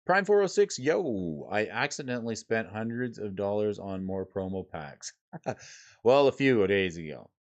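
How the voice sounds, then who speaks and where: A man's voice: fairly low pitch, expressive, a little slow, highs cut off. A man streaming casually, reading card names and rules aloud and chatting with his viewers. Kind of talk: casual livestream chat while sorting cards.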